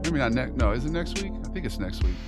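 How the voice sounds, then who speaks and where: A man's voice: medium pitch, sing-song, fast. A young man streaming a video game, chatting casually with viewers in a slangy, joking way. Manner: joking, slangy, talks to chat while gaming. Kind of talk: casual live-stream chat. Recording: game music behind the voice.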